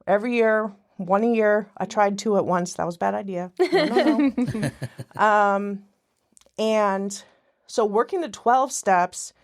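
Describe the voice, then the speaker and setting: A woman's voice: medium pitch, a little slow, clear, resonant tone. A woman guest in casual podcast conversation, talking in a rambling way that often breaks off and restarts mid-sentence. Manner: rambling, self-interrupting, frequent restarts.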